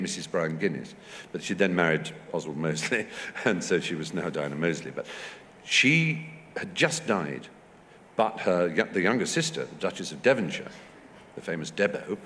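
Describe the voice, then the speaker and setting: A man from England tells anecdotes onstage in a low voice with a wide, lively pitch. He acts out the voices he quotes. His voice rings through a large hall with a long reverb and a faint hiss behind it. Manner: fluent and animated, acting out quoted voices. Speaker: festival guest. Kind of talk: onstage conversation, anecdotal storytelling. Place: festival stage in a large hall or tent.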